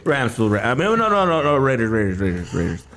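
A man, a podcast guest telling loud, profane stories and laughing in casual chat. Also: medium pitch, big pitch swings, fast talker. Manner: loud, profane storytelling with shouted acted-out bits and laughter.

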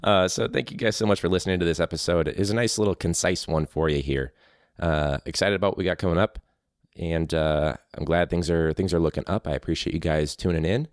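A man's voice: sits low, brisk, dry recording, clean studio sound. A man, a teacher hosting a podcast, rambling casually and laughing at his own ideas. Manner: rambling, laughing, self-interrupting. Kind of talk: casual solo podcast chat.

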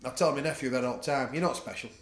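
A man's voice: medium pitch, racing. Blunt northern English man, roomy sound. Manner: blunt, swears freely, laughs at own stories. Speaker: podcast guest, jiu-jitsu practitioner. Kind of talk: casual chat. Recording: echoey room.

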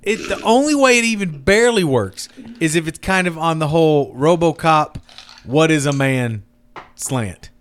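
A man riffing crudely and playfully in relaxed podcast banter. His voice swings widely in pitch, with a faint hiss in the background. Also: normal speed. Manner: joking, crude, animated. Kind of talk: comedic casual chat.

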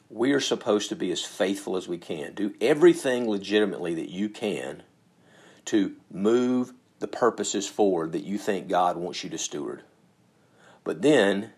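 A man's voice: on the low side, breathy edge. A man preaching a sermon in an earnest, conversational way, building to emphatic peaks.

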